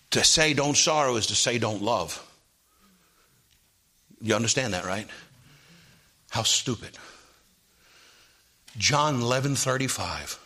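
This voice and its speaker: A man preaching a sermon, often asking the congregation "Amen?" and swinging from hushed tones to loud rising calls. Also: medium pitch. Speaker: pastor.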